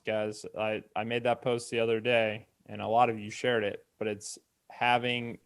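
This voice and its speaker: A man giving a measured, reflective motivational talk as co-host. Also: on the low side.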